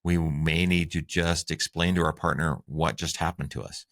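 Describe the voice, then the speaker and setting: Deep gravelly guy cohost, excited about his tips, relationship advice chat. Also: moderate pace. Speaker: podcast co-host.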